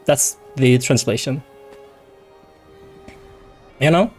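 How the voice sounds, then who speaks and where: A man's voice: mid-range voice, extremely slow, a little mellow, breathy edge, faint music behind. A young man whose first language is German, chatting casually and rambling with jokes and laughter as a game streamer. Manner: rambling, joking, laughs often. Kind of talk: casual livestream chat.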